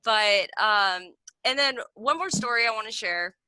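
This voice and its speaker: A woman's voice: medium pitch, expressive, a little slow, pushed and bright, clean tone, dry recording. A woman in her thirties telling a rambling story on a video call, filling every gap with "like". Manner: rambling, packed with "like" fillers. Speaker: meeting participant sharing a story. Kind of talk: casual chat on a video call. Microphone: video call mic.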